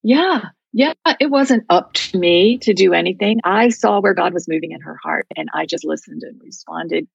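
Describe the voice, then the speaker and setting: A woman's voice: on the low side, normal speed, creaky, few pauses, breathy edge, no echo, dull audio. A woman guest in an interview telling a story in an earnest, heartfelt way.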